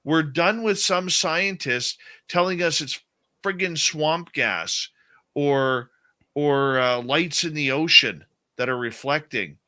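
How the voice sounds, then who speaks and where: A man's voice: on the high side, takes it slowly, bright, forceful tone. A man hosting a late-night radio show, talking with passion and stressing his points with a repeated "okay?".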